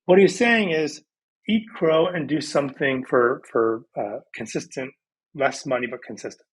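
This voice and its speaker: A man in his thirties, a podcast guest on a video call, telling his story in a lively, casual way and acting out past conversations. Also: medium pitch, moderate pace, breathy edge, low-quality recording.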